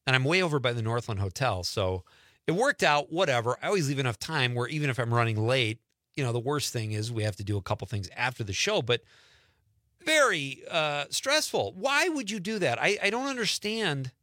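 A man hosting a casual radio show, telling stories in an animated way and often laughing. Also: medium pitch, a little fast, no echo, clean studio sound. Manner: animated storyteller, exclaims and laughs. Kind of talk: casual on-air chat.

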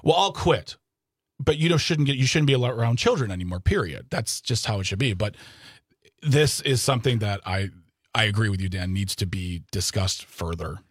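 A low-voiced man talks earnestly about politics on a podcast, often rambling and restarting his sentences. The recording is dry and close. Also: lively intonation, fairly quick, husky, dry recording. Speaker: podcast co-host. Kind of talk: political discussion.

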